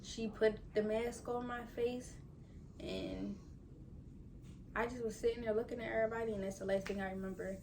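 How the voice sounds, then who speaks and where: A woman's voice: a little high, fairly even intonation, moderate pace, distant mic, background noise. A woman in her twenties chatting casually to her viewers, telling a story and acting out her own thoughts while recovering from surgery. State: recovering from surgery, can't bend down. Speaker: vlogger. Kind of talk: casual chat to camera.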